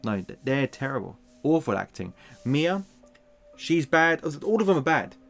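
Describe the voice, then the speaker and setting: A man giving a casual, sarcastic film review, animated and exasperated as he rants. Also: mid-range voice, measured pace, vocal fry, faint music behind.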